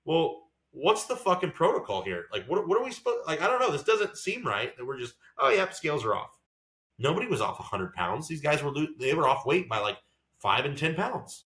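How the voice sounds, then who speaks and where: A man's voice: on the high side, very animated, fairly quick, a bit bright, roomy sound. A man co-hosting a podcast, ranting in a heated, profane way about how things were handled. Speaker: podcast co-host and racing driver. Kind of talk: casual podcast chat.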